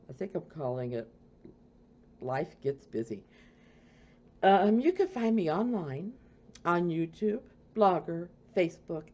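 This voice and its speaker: A woman's voice: low-pitched, darkish tone, highs cut off. A woman hosting a casual podcast from her home, chatty and rambling, often sidetracked. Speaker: podcast host.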